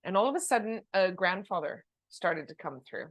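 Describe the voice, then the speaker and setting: A woman's voice: on the low side, animated, moderate pace, no echo. A woman co-hosting a casual chat, patiently explaining spirit communication with leading questions. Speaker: medium, co-host.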